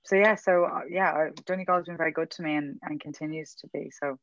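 A woman's voice: sits low, fairly even intonation, quick pace, a crowd in the background. Chatty young woman, muffled. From Dublin, Ireland. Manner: chatty and rambling, self-mocking, laughs often. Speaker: podcast guest. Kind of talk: casual interview chat. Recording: dull, dry sound.

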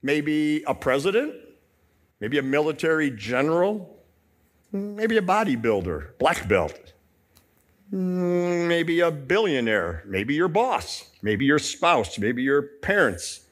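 A man's voice: a little high, very animated, slow. A man pastor preaching a Lenten sermon, asking the congregation rhetorical questions.

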